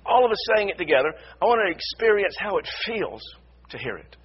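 A man preaching a sermon as pastor, repeating his phrases and building to loud emphasis. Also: high voice, very animated, brisk, husky, muffled recording. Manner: repetitive, builds to shouted emphasis. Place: church sanctuary.

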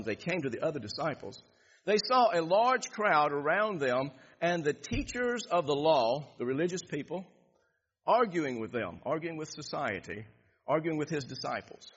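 Male pastor preaching, husky voice, repeats himself a lot, dull echoey hall sound. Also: a little high, very animated, normal speed, fairly bright tone. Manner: preaching, expository, repeats phrases for emphasis. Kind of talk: sermon.

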